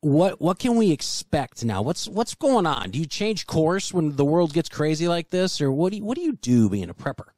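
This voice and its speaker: A man's voice: on the high side, very animated, normal speed, hardly any pauses, a little mellow, no echo, studio quality. Man teasing his co-hosts with crude jokes. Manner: joking, teasing, swears freely. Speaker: podcast co-host. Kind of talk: crude casual banter.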